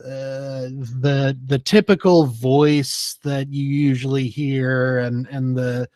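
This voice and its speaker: Slow-talking man guesting on a podcast. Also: medium pitch, steady tone, a little mellow, no room sound, clean studio sound. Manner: thoughtful, hesitant, many fillers. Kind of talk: casual film podcast chat.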